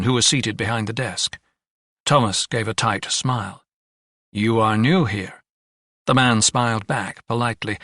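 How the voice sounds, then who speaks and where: A man reads scripted audiobook narration in a measured, even storytelling style. His voice is medium pitch, and the studio sound is clean with no echo.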